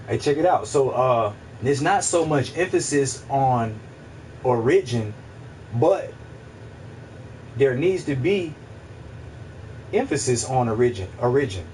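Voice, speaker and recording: A man hosting a casual livestream, musing out loud in a rambling, profane way, repeating himself and answering his chat. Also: medium pitch, expressive, slow, pauses often, distant mic, slight background noise, poor audio. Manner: rambling, profane, repeats himself, asks listeners if they follow. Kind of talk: casual philosophical monologue.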